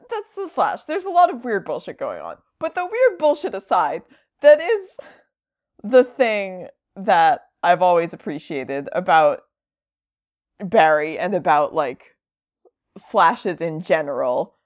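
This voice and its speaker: Slow-talking woman, rambling casual chat. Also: lowish voice. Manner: rambling, lots of fillers, laughs easily. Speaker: podcast co-host.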